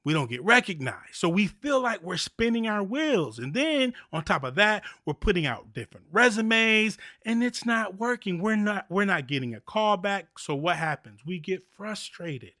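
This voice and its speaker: A man hosting a motivational faith talk podcast, talking in an animated, preachy way and repeating key phrases. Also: sits high, moderate pace, hardly any pauses, no echo, clean studio sound. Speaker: podcast host.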